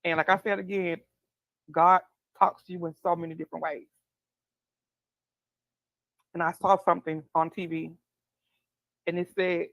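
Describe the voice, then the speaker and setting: A woman's voice: fairly low pitch, fairly even intonation, no echo. Tearful woman giving heartfelt testimony. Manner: tearful, heartfelt, slow and earnest. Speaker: guest. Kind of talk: emotional personal testimony.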